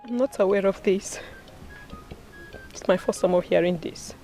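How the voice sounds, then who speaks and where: A woman's voice: on the low side, little pitch movement, normal speed, creaky, a little mellow, soft background music, low-quality recording. An actress with a Nigerian English accent playing a crying young woman who was raised by an abusive father. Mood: tearful. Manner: distressed, pleading. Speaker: daughter.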